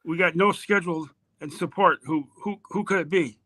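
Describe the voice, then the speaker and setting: A man's voice: a little high, bright, forceful tone. A man reading as a soldier calling radar contacts. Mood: tense. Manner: slow, halting read-aloud.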